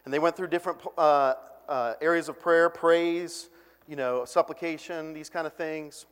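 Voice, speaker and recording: Animated preacher in a reverberant hall. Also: male voice, on the high side, normal speed, clear, resonant tone. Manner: animated, conversational preaching with lively quoted voices. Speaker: pastor. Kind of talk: sermon.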